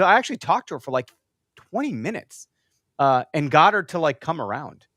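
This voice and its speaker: Fast-talking chatty podcast host man. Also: fairly high pitch, dry recording, clean studio sound. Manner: chatty, animated storyteller. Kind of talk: casual podcast conversation.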